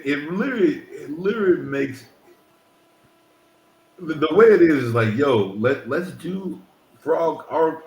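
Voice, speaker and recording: A man who grew up in Mississippi, co-hosting a casual podcast, telling stories animatedly with a lot of cursing. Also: mid-range voice. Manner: animated storytelling, heavy cursing, acts out quoted voices. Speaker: podcast co-host. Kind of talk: casual chat. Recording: roomy echo.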